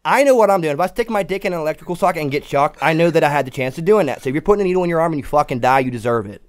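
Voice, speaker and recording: A man's voice: a little high, animated, racing. A man talking as a guest on a podcast, crude and rambling, laughing often. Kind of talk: casual podcast chat.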